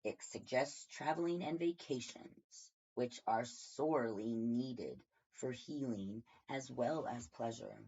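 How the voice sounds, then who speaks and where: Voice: medium pitch, slow, few pauses, darkish tone, breathy edge. A tarot reader giving a casual daily reading from home, rambling and thinking aloud with many fillers. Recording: dull lo-fi recording.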